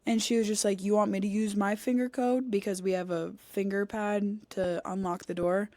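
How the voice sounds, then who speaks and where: On a studio podcast mic with no room sound, a young woman co-hosting the show recounts a story in relaxed chat. Her medium-pitched voice moves at normal speed as she animatedly performs the dialogue and swears.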